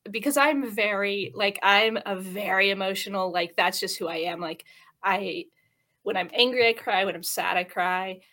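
A woman in her thirties talks openly as a hospital chaplain being interviewed. She is earnest and emotional, filling her sentences with ums and likes, at an ordinary middle pitch. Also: normal speed, sharp tone. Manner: earnest, emotional, many fillers. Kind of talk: interview conversation.

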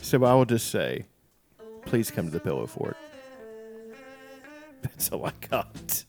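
A man's voice: on the low side, very animated, unhurried, vocal fry, loud music behind the voice. A man co-hosting a podcast with wry, laid-back remarks in casual chat. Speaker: podcast co-host.

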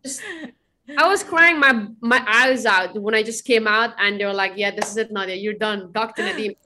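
Speaking at a normal speed in a mid-range voice, a young woman on a podcast shares lively, animated stories. She's bubbly and casual, laughing frequently as the interview guest.

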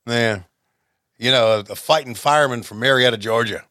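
A man co-hosting a casual chat over an old wrestling broadcast, relaxed, joking and reminiscing. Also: medium pitch, normal speed, no echo, clean studio sound. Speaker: podcast co-host watching old wrestling.

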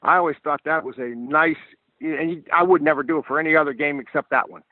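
An older man tells football stories in a lively, stop-and-start way, often doubling his first words. His voice sits fairly high for a man. It comes through a dry, tinny, phone-like line. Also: quick pace, no echo. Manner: animated storyteller, repeats words when starting a thought. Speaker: guest football coach. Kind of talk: telling stories in a podcast chat.

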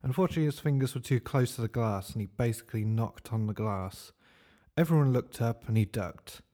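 Mellow, deadpan male narrator. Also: mid-range voice, a little fast. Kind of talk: comic story narration.

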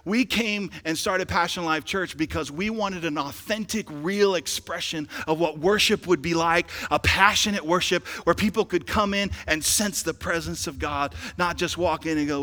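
A man preaching a sermon as pastor, animated and joking, swinging from quiet asides to shouted exhortation. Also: fairly high pitch, normal speed, hardly any pauses, long reverb tail. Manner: joking, playful.

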